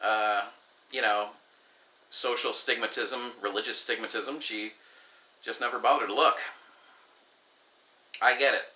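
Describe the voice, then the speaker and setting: Man, casual story vlog, candid rambling asides, very bright sharp tone, echoey room. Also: on the low side, steady tone, a little slow, long pauses. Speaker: vlogger.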